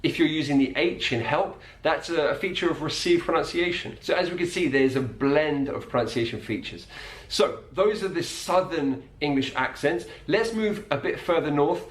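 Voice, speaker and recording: A man teaching about accents in a clear, patient way, slowing down to demonstrate individual sounds. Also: on the high side. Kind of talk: explanatory video lesson. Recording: echoey room.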